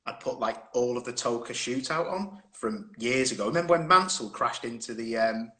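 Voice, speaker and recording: A man's voice: mid-range voice, normal speed, a bit bright. Chatty man telling stories. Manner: chatty anecdotal storyteller, laughs often. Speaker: guest. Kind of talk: casual chat on a live stream. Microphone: phone on a video stream.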